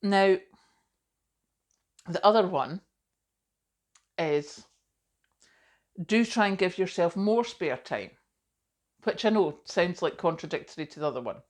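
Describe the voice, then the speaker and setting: A middle-aged woman talking straight to camera in a relaxed vlog. Her voice sits a little low for a woman, and she chats in a self-deprecating way, with plenty of asides. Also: slow pace, pauses often. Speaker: vlogger. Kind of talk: casual chat to camera.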